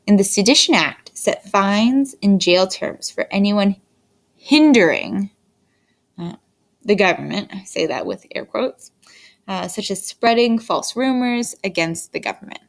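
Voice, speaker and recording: A woman teaching a history lesson in a recorded lecture, talking in an unhurried, fairly monotone way with frequent fillers and restarts. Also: mid-range voice. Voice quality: monotone delivery. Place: indoors, screen-recorded lecture.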